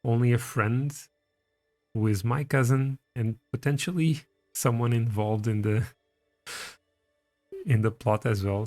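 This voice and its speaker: A man's voice: mid-range voice, darkish tone, dry recording. A man casually commenting on his strategy game and reading its text aloud as he plays. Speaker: streamer playing a strategy game.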